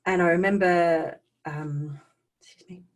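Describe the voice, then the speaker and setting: A woman giving an emotional personal testimony over a video call, halting and earnest, often repeating and restarting her words. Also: on the low side, fairly even intonation. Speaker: speaker sharing her personal story.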